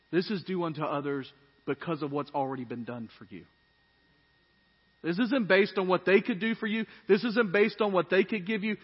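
A man's voice: fairly high pitch, slightly rough. A man preaching a sermon with emphatic rising phrases, often asking the congregation questions. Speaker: pastor. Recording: dull sermon audio with long hall reverb.

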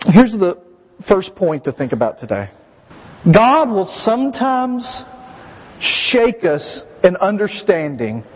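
A man in his thirties, a pastor preaching a sermon, emphatic and questioning his congregation. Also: sits high. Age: 30s. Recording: dull audio with long hall reverb.

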